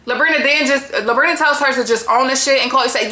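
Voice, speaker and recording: A woman with a high, fast, pushed and bright voice hosts a casual reality TV recap, reacting bluntly and in exasperation while cursing heavily. Soft music plays behind her in an echoey room.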